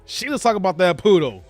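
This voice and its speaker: A man's voice: high-pitched, sing-song, fairly quick, no room sound, soft background music. A man hosting a live reaction show, reading out chat comments and laughing often. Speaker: show host reacting to a clip.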